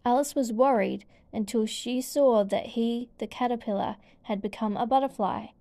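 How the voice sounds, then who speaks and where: A woman reading a children's storybook aloud as narrator, gentle and clear. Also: fairly high pitch, normal speed.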